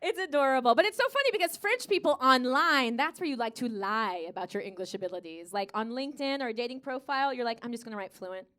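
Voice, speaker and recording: High-pitched american woman doing stand-up, loud and brash, swears a lot, valley-girl vibe. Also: lively intonation, quick pace, hardly any pauses. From United States. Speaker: stand-up comedian. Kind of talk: live stand-up comedy. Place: comedy stage before a live audience.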